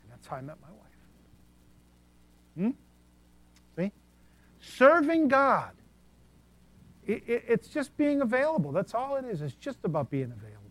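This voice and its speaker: Male preacher, a little high-pitched, sermon storytelling, animated with soft-to-loud swings. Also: normal speed, pauses often.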